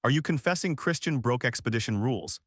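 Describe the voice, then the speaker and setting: A man's voice: mid-range voice, expressive, quick pace, husky, no room sound, clean studio sound. A man reading a proud young noblewoman. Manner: soft and awkward.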